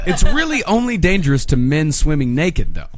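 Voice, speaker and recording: A man's voice: a little high, big pitch swings, moderate pace, a loud crowd. A man on a comedy podcast reading out news items in a mock-announcer tone.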